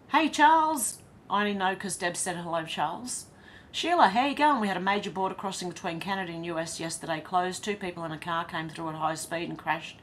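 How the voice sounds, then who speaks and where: A woman's voice: fairly low pitch, a bit bright, slight background noise. An Australian woman hosting a casual livestream, reading viewer comments aloud and reacting with laughs. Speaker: livestream host reading chat. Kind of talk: casual live chat.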